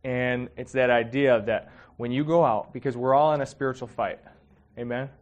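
A man's voice: mid-range voice, steady tone, normal speed, highs cut off. A man giving a casual, heartfelt sermon, talking conversationally with many fillers and getting emotional. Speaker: preacher.

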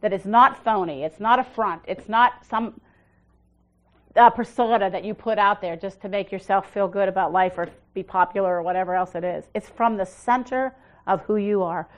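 A woman pastor, middle-aged, preaching in a loose, conversational way. She leans hard into her main points and then sinks to a quiet, low voice for personal asides. Her sentences often restart midway as she works out what to say. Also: moderate pace, muffled recording. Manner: swings from emphatic to soft and low. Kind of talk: sermon.

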